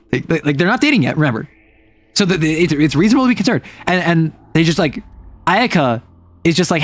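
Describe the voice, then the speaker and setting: Animated rambling male streamer. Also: fairly high pitch, fast talker, no echo. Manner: animated, rambling, many fillers. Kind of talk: casual chat.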